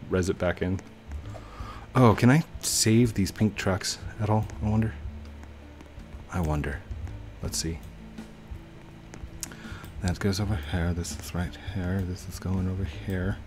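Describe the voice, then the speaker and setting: A young man giving casual gameplay commentary, chatting to himself with sudden excited outbursts. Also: deep voice. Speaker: gaming YouTuber.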